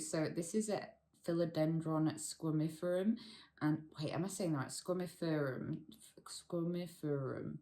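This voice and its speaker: A woman hosting a casual plant unboxing vlog, speaking close to the microphone, gushing and excitable and tripping over plant names. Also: on the low side. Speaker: plant channel host.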